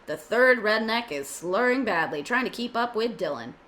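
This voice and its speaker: A woman narrates the stage directions of a script in a casual amateur reading and drops in offhand jokes. Her voice is bright and a little high, and her pitch moves a lot. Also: animated, moderate pace. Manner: reads directions with joking asides.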